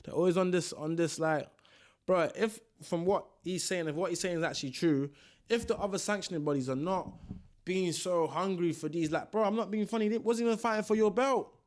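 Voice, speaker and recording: Young guy on a boxing vlog, slangy and ranting, slightly high-pitched voice. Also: brisk, darkish tone. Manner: slangy, ranting, repeats himself. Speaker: boxing vlogger. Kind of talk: casual commentary.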